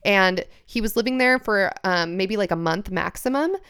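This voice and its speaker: A woman's voice: medium pitch, normal speed, a bit bright, clear, resonant tone. A woman hosting a casual true-crime podcast, reading researched notes aloud between chatty asides. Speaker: podcast host.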